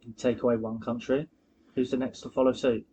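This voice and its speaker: A man's voice: medium pitch, flat delivery, a little fast, warm tone, slightly rough, poor audio. A young man, insisting on his theories in casual podcast chat, swearing along the way. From United Kingdom. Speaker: podcast co-host.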